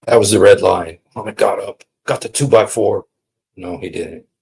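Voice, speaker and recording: Male preacher, gravelly and breathy, polemical and sarcastic, loud bursts then quiet asides. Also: on the low side, moderate pace. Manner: emphatic and mocking, swings between loud and quiet. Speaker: preacher on a streamed show. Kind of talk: polemical religious talk.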